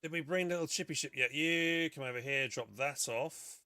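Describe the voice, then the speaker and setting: A man's voice: a little high, moderate pace, sharp tone, clean tone, no echo, studio quality. A man casually commenting on his gameplay while streaming, muttering and swearing now and then. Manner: chatty, muttering to himself, swears.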